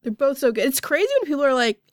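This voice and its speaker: A high-voiced woman talks as a podcast guest in a chatty, joking, enthusiastic manner. Her voice sits close and dry, with no room sound around it. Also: lively intonation, racing, no echo. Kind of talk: casual chat.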